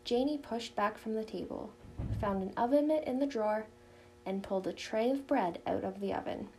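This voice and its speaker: A woman narrating a children's novel in an even storytelling manner. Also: on the high side, moderate pace, a little hiss or hum, low-quality recording. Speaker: audiobook narrator.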